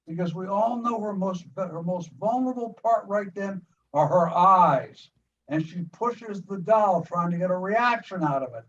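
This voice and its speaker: An interviewee, an older American filmmaker, vividly recounts scenes from a film production in a fairly high voice. His telling is peppered with quick restarts and repeated words, and the audio sounds far away and muffled with a faint hiss.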